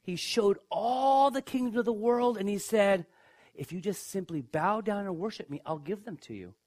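A man preaching a sermon, emphatic, who asks his listeners questions and swings from hushed to loud. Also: moderate pace. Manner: emphatic, dramatic swings in pitch and loudness. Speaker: pastor.

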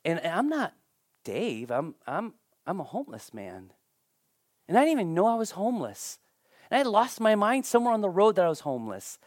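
A man preaching a sermon, telling a personal story in an animated, emphatic way. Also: high-pitched, moderate pace, no echo, clean studio sound.

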